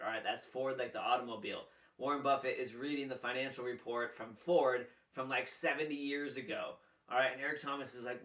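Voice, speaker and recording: A man's voice: mid-range voice, little pitch movement, fairly quick, bright, forceful tone, roomy sound, recorded from a distance. A man hosting a business coaching video, telling a story casually to camera with lots of energy and frequent "all right" fillers.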